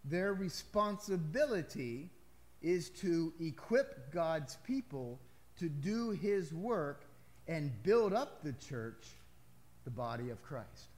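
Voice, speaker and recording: Emphatic, fairly high-voiced male pastor. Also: expressive, slow pace, darkish tone. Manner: conversational preaching with emphatic rises and asides. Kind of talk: sermon.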